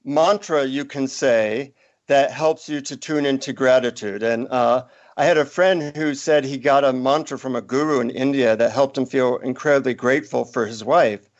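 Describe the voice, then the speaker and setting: A man, an author guest in a podcast interview, explaining ideas and telling an anecdote with lively acted-out quotes. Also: medium pitch, moderate pace, lo-fi sound. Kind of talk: conversational interview storytelling.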